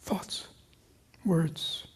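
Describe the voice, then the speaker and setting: Speaking very slowly, a man with a gravelly, husky voice teaches meditation in a dharma talk to a retreat group gathered live in a meditation hall. He draws listeners in with questions and repeated "right?" and "you know," often lowering his voice to a whisper.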